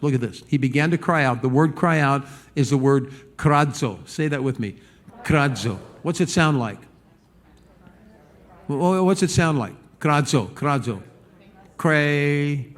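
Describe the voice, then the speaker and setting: A pastor preaches in an animated, conversational way, his voice on the high side. He stumbles over repeated words and acts out the people he quotes.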